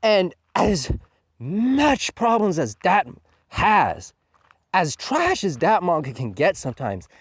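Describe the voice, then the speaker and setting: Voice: mid-range voice, wildly swooping pitch, slow, breathy edge, dry recording. A manga reviewer ranting casually, profane and scornful, tossing in "man" at nearly every turn. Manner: profane, scornful, says 'man' constantly.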